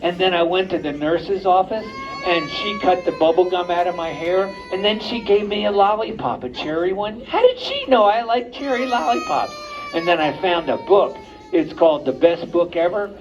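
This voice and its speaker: A man's voice: sits high, very animated, normal speed. A man voicing a small, earnest bear cub who wails a sing-song refrain, in a muffled recording. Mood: cheerful. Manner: whiny sing-song refrain, then chatty.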